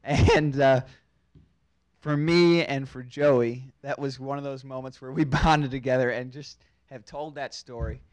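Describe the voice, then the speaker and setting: A man's voice: medium pitch, fairly even intonation, a little slow. A tipsy young man, a race car driver, telling a long story at a press conference, chuckling and repeating words as he goes. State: a little drunk.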